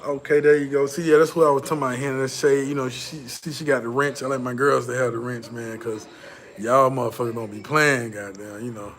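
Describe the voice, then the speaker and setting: Speaking at a fairly quick clip, this livestream host from the American South reads his chat with loose, easygoing profanity, often circling back and restarting. His mid-range voice is a bit bright with fairly even intonation.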